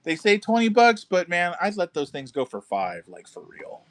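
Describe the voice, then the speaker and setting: Speaking at a moderate pace in a high-sitting voice, a man hosts a laid-back live stream out of a car shop garage. He sells model kits, chats with his audience, swears casually, and keeps calling them dude and bro.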